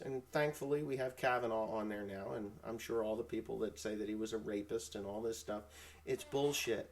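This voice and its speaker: A man hosts his own farm talk show and rants with blunt, heated force. He swears freely and keeps working himself up. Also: medium pitch. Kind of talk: casual ranting live chat.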